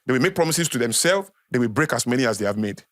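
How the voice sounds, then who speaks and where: A man's voice: medium pitch, lively intonation, fast, fairly bright tone, no room sound. A man with a Nigerian accent, a podcast guest lecturing in a conversational way, repeating key phrases for emphasis. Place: podcast studio.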